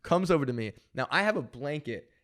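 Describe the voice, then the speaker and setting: A young man tells a story at an even, middle pitch, breaking into lively acted-out voices of the people he quotes. His talk is casual and animated, with frequent laughter, as he speaks to friends on a podcast. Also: fairly quick. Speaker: podcast host telling a story.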